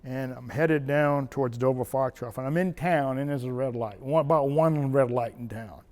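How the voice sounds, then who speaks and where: A man's voice: mid-range voice, moderate pace, a little mellow, big-room sound. An older man from Maine, a wildlife biologist, telling rambling anecdotes with restarts and quoted dialogue. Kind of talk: oral history storytelling.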